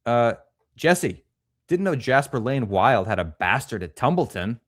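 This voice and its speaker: A man's voice: mid-range voice, very animated, unhurried, no room sound, studio quality. A man co-hosting a casual livestream, reading chat comments aloud and joking crudely. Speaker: podcast co-host.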